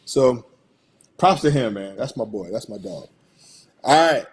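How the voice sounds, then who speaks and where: Wrapping up his own show, a middle-aged podcast host speaks in a husky, expressive, medium-pitched voice at a measured pace. He rambles loosely through the sign-off, chuckling a lot as his throat fades.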